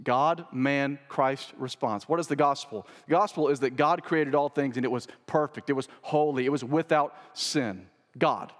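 A male pastor preaching a sermon, stressing key phrases by repeating them and moving from loud to hushed. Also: mid-range voice, moderate pace, few pauses. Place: church sanctuary. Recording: long reverb of a church hall.

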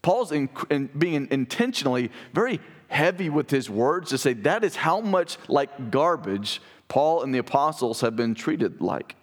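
A man's voice: mid-range voice, big pitch swings, a little slow, few pauses, breathy edge. A man preaching a sermon, reading scripture aloud and then talking it through conversationally, asking the congregation questions. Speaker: pastor.

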